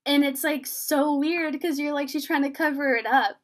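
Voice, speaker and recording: A woman's voice: sits high, normal speed. A young woman in a casual chat, eagerly retelling a TV episode, speaking in many fillers and acting out the characters' lines. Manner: excited, filler-heavy retelling, acts out the scenes in quoted voices. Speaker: podcast co-host recapping a TV episode.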